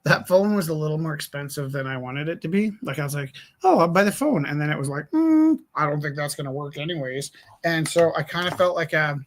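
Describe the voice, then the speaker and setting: A man's voice: on the high side, expressive, fairly quick, a little hiss or hum. A man hosting a live art stream in casual chat, joking and acting out little back-and-forth dialogues as he tells stories. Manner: joking storyteller who acts out little dialogues.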